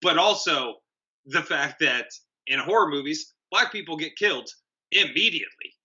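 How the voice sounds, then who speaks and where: A man in his late thirties trades blunt, profane takes in a casual movie review chat. His voice is piercingly bright and tense, with lively swings in pitch, and the recording sounds dull and lo-fi. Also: moderate pace. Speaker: podcast co-host.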